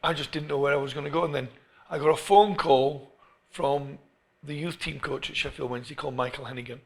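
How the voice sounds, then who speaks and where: Middle-aged english guy, football coach telling his story, kinda raspy gravelly voice, keeps restarting his sentences. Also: a little high, fairly quick. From England. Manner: animated, restarts phrases often. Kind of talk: storytelling interview.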